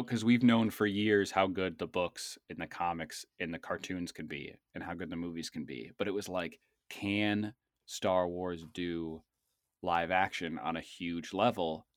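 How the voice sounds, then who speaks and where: Low male voice, teasing podcast co-host, stumbles into restarts, dry mic. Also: a little slow, no room sound. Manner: teasing, animated, stammering restarts. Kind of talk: casual chat.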